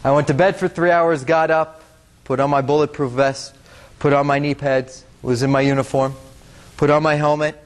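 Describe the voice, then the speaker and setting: A man's voice: on the high side, flat delivery, normal speed. Young man telling a story to an audience. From United States. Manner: earnest, conversational, talks to the audience directly, with frequent fillers. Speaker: guest speaker. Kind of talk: public talk with storytelling.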